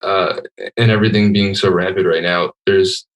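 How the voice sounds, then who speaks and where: A man's voice: low voice, fairly even intonation, normal speed, rough recording. A man in his twenties, a guest on a video call, talking earnestly and reflectively and stumbling at the start of his sentences. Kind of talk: casual video-call conversation.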